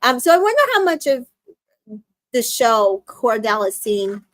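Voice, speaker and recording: Young woman, chatty recap host, fairly high voice, close dry sound. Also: big pitch swings, a little slow, dry recording. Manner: chatty, retells scenes with quoted lines, frequent fillers and laughs. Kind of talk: casual reality-show recap chat.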